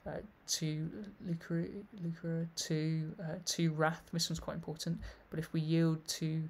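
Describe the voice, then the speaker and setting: A man's voice: a little high, completely flat delivery, takes it slowly, darkish tone. A man giving an explanatory video lecture, reading passages aloud and commenting on them as he goes. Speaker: literary researcher presenting a thesis.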